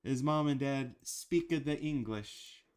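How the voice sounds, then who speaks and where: A man's voice: mid-range voice, a little slow. A man talking casually about cartoons in a rambling, chatty way with frequent fillers. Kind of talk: casual chat.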